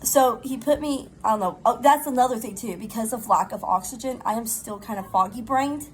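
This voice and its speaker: A middle-aged woman, chatting casually in a rambling, animated storytime while recovering from pneumonia. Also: on the high side, a little fast, a little hiss or hum, low-quality recording. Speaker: vlogger.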